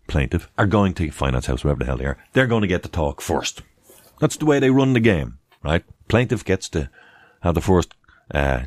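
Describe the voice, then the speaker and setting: Man with a very deep, dry-recorded voice; emphatic casual explainer with mocking asides. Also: a little mellow, dry recording. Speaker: presenter giving legal advice. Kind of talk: casual instructional monologue.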